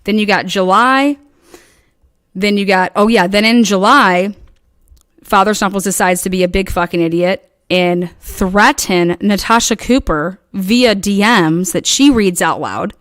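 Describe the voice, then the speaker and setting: A woman casually recounting online drama in a rambling, profane way, acting out quoted lines in animated bursts. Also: medium pitch, a little slow, dry recording, studio quality. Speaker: online commentator.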